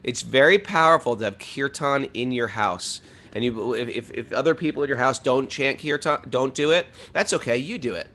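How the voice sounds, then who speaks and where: A middle-aged man talking in a casual, animated way about spiritual life, laughing often as he tells stories. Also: medium pitch, moderate pace. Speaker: podcast host.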